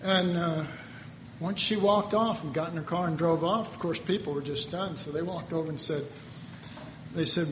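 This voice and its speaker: A man's voice: fairly high pitch, fairly even intonation, normal speed, background noise. A man, preaching a conversational sermon with personal stories. He tells them in an earnest, folksy way and builds to emphatic preaching. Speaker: pastor. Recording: echoey hall with faint ambience.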